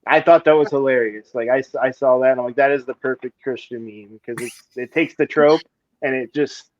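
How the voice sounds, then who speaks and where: A man's voice: mid-range voice, steady tone, fairly quick. A man co-hosting a streamed chat show, rambling enthusiastically through his stories. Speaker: podcast co-host. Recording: dull lo-fi stream mic.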